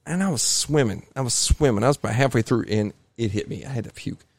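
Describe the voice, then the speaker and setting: A man telling a long story on a podcast in a casual, animated way, acting out other people's voices. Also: mid-range voice, fast talker, dry recording. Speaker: podcast guest.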